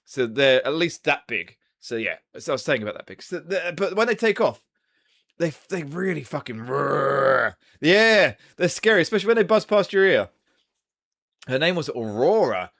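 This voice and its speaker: A man's voice: on the high side, big pitch swings, moderate pace, a bit bright. A young man hosting a casual live stream, chatting loosely with viewers and swearing now and then. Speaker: livestream host.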